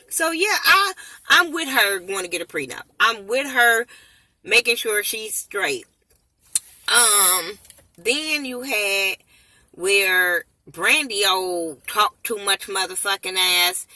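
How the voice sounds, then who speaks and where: A woman giving a blunt, profane, animated rant while reviewing a TV show. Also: mid-range voice, slow, no echo, rough recording. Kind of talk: casual ranting commentary.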